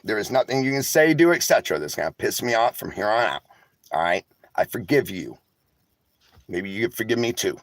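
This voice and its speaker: In a dry recording, a man with a fairly low, lively voice speaks briskly from a vehicle. He's a tired, emotional vlogger chatting casually and candidly with viewers and reading live chat, rambling, sarcastic and swearing freely.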